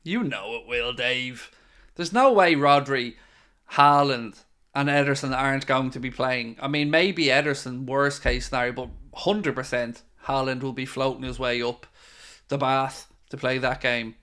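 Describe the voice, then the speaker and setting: Irish man, live-stream host, casual chat, opinionated, smooth clear voice, mid pitch. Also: a little slow, sharp tone. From Ireland. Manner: chatty, opinionated, answers viewer questions.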